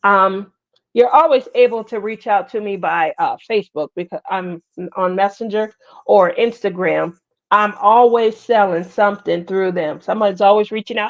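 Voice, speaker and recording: A woman's voice: medium pitch, normal speed. A middle-aged woman hosting a casual craft livestream, chatting with viewers by name and laughing often. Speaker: livestream host. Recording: slightly muffled livestream audio.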